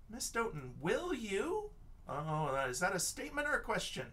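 Slow, lively male teacher. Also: high-pitched, far from the mic. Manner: patient, encouraging, sounds out words letter by letter. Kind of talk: online lesson for young children.

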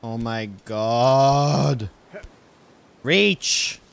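A man's voice: mid-range voice, lively intonation, very slow, creaky, smooth. A man giving casual let's-play commentary, exasperated and swearing as he pleads with his game character. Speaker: gaming video host.

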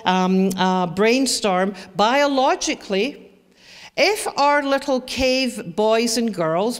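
Slow, emphatic woman in a hall. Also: fairly high pitch. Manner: emphatic, animated storytelling with asides. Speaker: presenter on teen brain development for parents. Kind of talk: presentation to an audience. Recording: reverberant hall.

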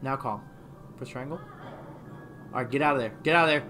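A woman's voice: a bass voice, fairly quick, a bit bright, soft background music. A woman playing a video game with her sister, chatting casually, swearing and teasing. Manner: swearing, teasing, bursts of laughter. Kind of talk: casual gaming banter. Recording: noisy home capture.

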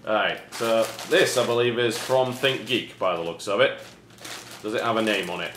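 A British man with a lowish voice hosts a casual unboxing chat, his humor dry and deadpan, each sarcastic line landing flat. The room gives his voice a noticeable echo, with faint noise beneath it. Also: normal speed. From Britain. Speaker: host.

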